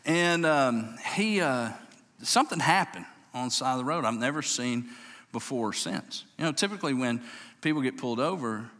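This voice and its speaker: A man in his forties with a Louisiana accent, a pastor telling a story as a sermon in a folksy, animated way, growing low and quiet for tender moments. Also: normal speed. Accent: Southern US, Louisiana. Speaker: pastor, state police chaplain. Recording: long reverb of a large hall.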